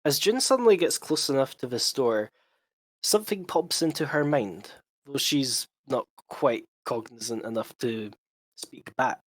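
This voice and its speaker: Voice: medium pitch, lively intonation, unhurried, dry recording. Game master narrating rules and scenes. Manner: explanatory, with frequent fillers.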